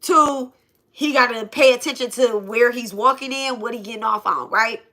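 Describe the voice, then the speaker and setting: Animated Black woman telling a story. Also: a little high, normal speed. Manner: animated, repeats phrases, swears freely. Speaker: channel host. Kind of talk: casual storytime.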